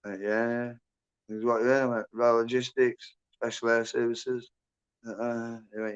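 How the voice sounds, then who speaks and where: A man's voice: medium pitch, steady tone, moderate pace. A man hosting a casual livestream chat, rambling and blunt, swearing a lot and calling people mate and bro. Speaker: livestream host. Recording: dull lo-fi stream audio.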